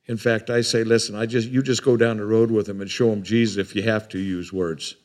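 A man's voice: fairly low pitch, fairly even intonation, fairly quick, a little mellow. An older man preaching a sermon in a folksy, rambling way, often repeating his words.

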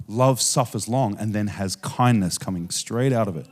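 A man with an Australian accent preaching a sermon on stage, moving between soft, chuckling asides and loud, emphatic points. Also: mid-range voice, a little fast, breathy edge. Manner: animated, swinging from soft asides to loud emphasis, often laughing. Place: on stage before a congregation.

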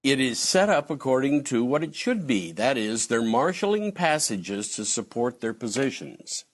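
Male theology lecturer, lively up-and-down pitch, chatty and digressive, slips into acted quotes. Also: normal speed. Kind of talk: conversational lecture answering a question.

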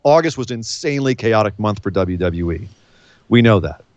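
A man's voice: fairly low pitch, brisk, dry recording. Man with a dry, dull-sounding recording. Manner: animated, acts out scenes in silly voices. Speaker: podcast co-host. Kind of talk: casual wrestling recap chat.

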